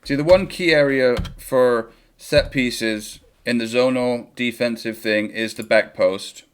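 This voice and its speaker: A man's voice: mid-range voice, slow pace, clear, resonant tone. Chatty man streaming a football watchalong. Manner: chatty, jokey, reacting to the match. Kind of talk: live match watchalong chat.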